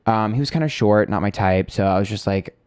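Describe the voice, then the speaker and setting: A man's voice: on the low side, fairly quick, darkish tone, clear, resonant tone, no echo, studio quality. A young man who reads tarot, rambling through a story in casual chat, swearing freely and sounding exasperated. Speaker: tarot reader and streamer.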